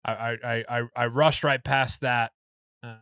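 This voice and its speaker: A man in his thirties, a podcast co-host, telling a rambling, animated story full of fillers and restarts in casual chat. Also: mid-range voice, measured pace, smooth, no echo.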